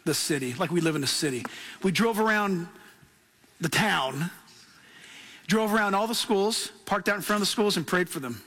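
Man, pastor, sermon, high voice, storytelling with laughs. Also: normal speed, pauses often. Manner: storytelling, laughing, animated asides.

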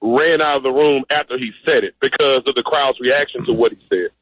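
A man's voice: mid-range voice, brisk, husky, no echo, highs cut off. A man as a radio interview guest, speaking emphatically and directly. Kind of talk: phone-in interview.

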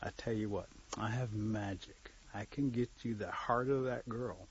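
A man's voice: on the low side, breathy edge. A man voicing a grumpy, sleepy little male mole who has magic and grumbles to get his sleep back. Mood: bargaining. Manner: grumbling, quick to bargain. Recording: dull lo-fi recording.

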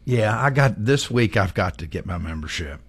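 A man co-hosting a talk radio show, joking around in a relaxed, easygoing way. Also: on the low side, normal speed, husky. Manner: laid-back and joking, with easygoing fillers. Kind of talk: casual talk radio banter.

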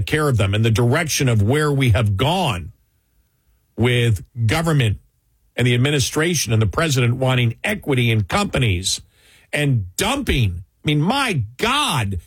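A man discussing politics on a talk show in a heated, indignant manner, with a husky voice. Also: mid-range voice, big pitch swings, normal speed, no echo.

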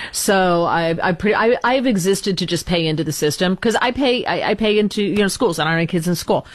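A woman's voice: on the low side, quick pace, few pauses, no echo. A woman hosting a talk radio show, chatting in an exasperated, self-deprecating way with her guest.

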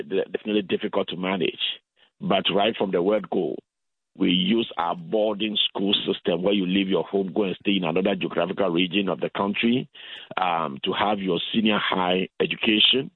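A man from Ghana talks through his points slowly and carefully, often going back over his own words. His voice sits low and a little husky. It comes through a thin, phone-like line with no room sound. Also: dry recording. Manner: measured, explanatory, repeats words. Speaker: guest.

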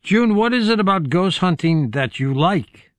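A man's voice: high voice, animated, moderate pace, dry recording. A man hosting an interview, asking brief, curious questions. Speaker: interview host.

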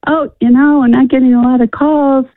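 A woman calling in to a radio show, halting and restarting often as she asks her question. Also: high-pitched, fairly even intonation, no room sound. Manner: halting, restarts often, fills with "you know". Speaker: caller. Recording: tinny phone line.

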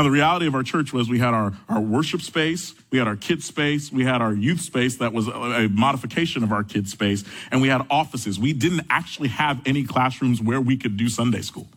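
A man preaching a sermon, reading scripture and telling a personal story with animated, rising delivery. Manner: animated storytelling, rising high when excited. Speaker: pastor.

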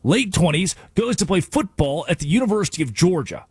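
Man, sports talk host, ranting, sarcastic, slightly high voice, dry studio. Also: big pitch swings, brisk, darkish tone, slightly rough, no echo. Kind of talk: sports talk radio monologue.

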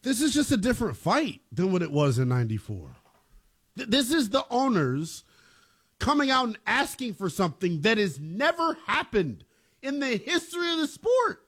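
A man's voice: very high-pitched, very animated, a bit bright. A man co-hosting a sports talk show, cutting in with jokes and objections. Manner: jokey, quick to interject. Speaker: sports radio co-host.

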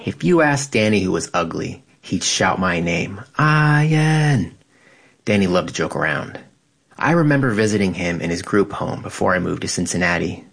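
A man calmly reading his own personal essay in a measured, reflective way. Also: low-pitched, gravelly, slightly rough.

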